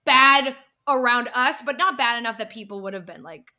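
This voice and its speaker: A woman's voice: fairly high pitch, moderate pace. A young woman co-hosting a podcast, telling a story in casual chat, swearing freely and acting out what people said. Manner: animated storyteller, swears freely, acts out quotes. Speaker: podcast co-host.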